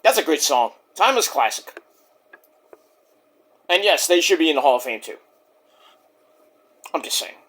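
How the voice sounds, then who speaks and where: Brief: rambling wrestling reviewer, man, bright and animated, cracks jokes mid-recap. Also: fairly high pitch, normal speed, pauses often, slightly rough. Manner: rambling, jokey, self-interrupting. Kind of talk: casual review vlog.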